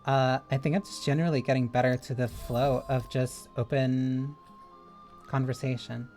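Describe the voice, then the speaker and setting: A streamer rambles through loose, filler-heavy chat while playing a game. The voice sits at a middle pitch, and soft game music plays low underneath. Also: steady tone, moderate pace.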